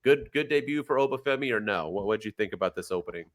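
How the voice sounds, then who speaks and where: Animated man co-hosting a podcast. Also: fairly low pitch. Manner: animated, throws rapid questions at his co-host. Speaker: podcast co-host. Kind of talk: casual wrestling chat.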